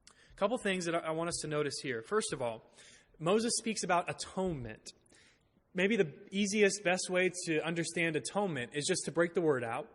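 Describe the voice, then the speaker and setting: A man's voice: on the high side, expressive, a little fast, a bit bright. A man preaching a sermon in a church, reading scripture aloud and explaining it with light humor. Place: church sanctuary. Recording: long reverb in a church hall.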